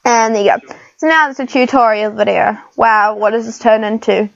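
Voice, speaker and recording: A woman with a fairly high, creaky voice talks at a moderate pace, chatting and giggling casually as she plays a computer game for her gaming channel. The screen-recorded commentary sounds muffled.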